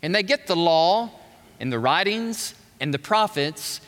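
A man preaching an emphatic, animated sermon to a live congregation, putting questions to the room. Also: high-pitched, measured pace. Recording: long reverb of a large hall.

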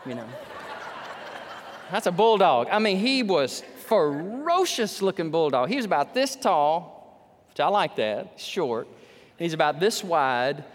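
A male pastor preaches in a church sanctuary, weaving a story into his sermon. His voice is fairly high and very lively, swinging from loud bursts to quiet asides. A long hall reverb trails every phrase. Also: slight background noise. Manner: animated, swinging between loud and hushed.

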